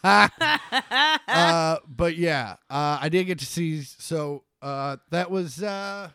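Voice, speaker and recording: A man chatting on a podcast, sitting a little higher in pitch than most men. He tells loose, mocking stories and swears freely. The sound is dry and close to the mic. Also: lively intonation, drawn-out words, pushed and bright, clean tone, dry recording. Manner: laid-back storytelling, swearing, mocking. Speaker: podcast co-host. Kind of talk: casual chat.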